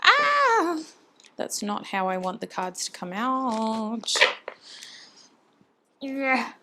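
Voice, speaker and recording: A woman's voice: fairly high pitch, slow, heavy background noise. Chatty woman giving a tarot reading. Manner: chatty, intimate, addresses viewers fondly; muses aloud, voices channeled messages. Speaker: tarot reader. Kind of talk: casual tarot reading to camera.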